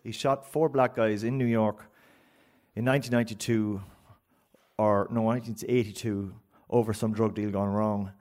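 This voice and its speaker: An Irish man telling a story live on stage, in an animated, rambling way. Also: lowish voice, moderate pace. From Ireland. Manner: rambling and animated, with frequent restarts and laughs.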